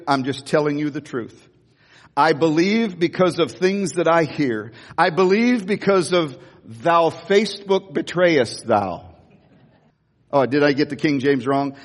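A man's voice: fairly high pitch, long reverb tail. A middle-aged man preaching a sermon, asking the congregation rhetorical questions and breaking into chatty asides. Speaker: pastor.

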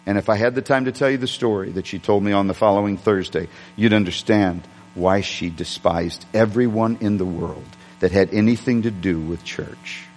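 A man's voice: mid-range voice, long reverb tail. A man preaching a sermon, telling a personal story conversationally with frequent restarts. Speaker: pastor.

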